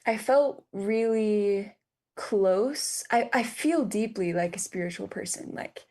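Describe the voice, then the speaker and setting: A woman's voice: mid-range voice, a little mellow. Emotional young woman telling her story. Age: 20s. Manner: halting and emotional, with many fillers and restarts. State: near tears. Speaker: guest. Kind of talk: personal story in a podcast interview.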